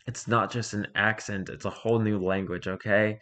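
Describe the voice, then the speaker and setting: A man reading internet posts aloud for comedy, with wry, dry asides and bursts of loud mock-arguing. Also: lowish voice, fairly even intonation, moderate pace, noisy background.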